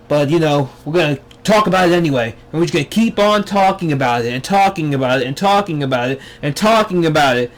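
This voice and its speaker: A young man hosting his own talk show, ranting with exasperation and sarcasm. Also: sits high. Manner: exasperated, sarcastic, mocking impressions. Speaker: vlog host. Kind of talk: ranting commentary.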